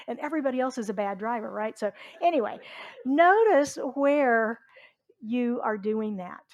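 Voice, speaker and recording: A woman's voice: fairly high pitch, moderate pace. Chatty woman preaching a sermon. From Southwest Virginia. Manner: chatty and animated, asks the congregation questions. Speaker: reverend. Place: church sanctuary.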